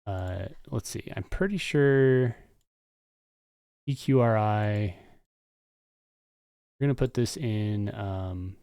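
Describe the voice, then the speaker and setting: A man's voice: lowish voice, slow, long pauses, mellow, smooth, dry recording, clean studio sound. A man live-streaming his coding work, talking casually and thinking aloud with muttered asides. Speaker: streamer and game developer.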